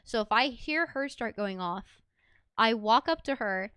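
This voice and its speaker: A woman's voice: on the high side, expressive, measured pace, a bit bright, clean tone, no room sound, studio quality. A woman streaming a game and chatting casually, giggly and swearing offhand. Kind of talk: casual gameplay chat.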